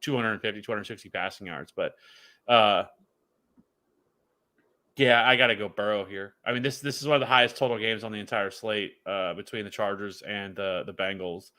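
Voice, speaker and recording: A man's voice: fairly low pitch, fairly even intonation, moderate pace, sharp tone. A man co-hosting a fantasy football show in casual chat, rambling with frequent restarts and fillers.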